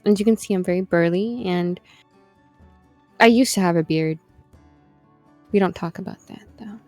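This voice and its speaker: A woman's voice: fairly low pitch, normal speed, mellow, no room sound, soft background music. A woman playing a tabletop game, chatting in character in a casual, drawling way with crude asides. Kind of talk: in-character roleplay chat.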